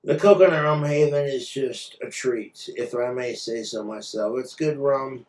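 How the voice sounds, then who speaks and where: A man's voice: mid-range voice, a little slow, a little mellow. A man ranting on his own vlog in a crude, blunt way, swearing freely. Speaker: vlogger. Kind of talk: profane casual rant. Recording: roomy echo, far from mic.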